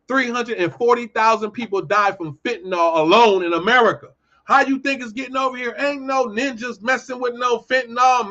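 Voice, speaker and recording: High-voiced man ranting, lo-fi audio. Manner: heated, ranting, swings from loud outbursts to low muttering. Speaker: commentary host. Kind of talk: casual commentary monologue. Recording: dull lo-fi audio.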